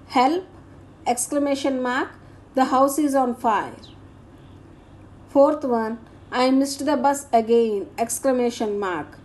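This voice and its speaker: A woman teacher, slowly reading out grammar exercise answers and punctuation marks. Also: fairly high pitch, a little mellow. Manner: slow, deliberate dictation of answers and punctuation.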